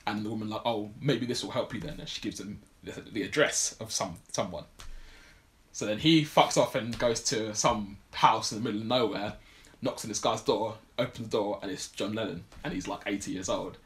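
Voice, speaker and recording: A man's voice: fairly low pitch, normal speed, a bit bright. A man casually recapping a film plot on a podcast, rambling with lots of fillers. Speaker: podcast co-host. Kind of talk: casual film review chat.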